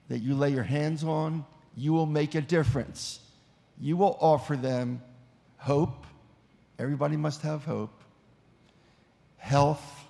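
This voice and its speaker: An older man with a gravelly, textured voice speaks at a graduation ceremony and leads a recited oath. He talks emphatically and proudly, spacing his phrases so they can be repeated. His voice rings out with the long echo of a large hall. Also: medium pitch, mellow. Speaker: professor leading an oath.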